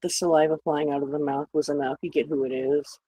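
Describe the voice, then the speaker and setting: A woman's voice: low voice, steady tone, quick pace, warm tone, a little hiss or hum, rough recording. A woman streaming live, chatting casually with viewers, greeting them by name, joking sarcastically and laughing at her own jokes. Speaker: livestreamer. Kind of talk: casual livestream chat.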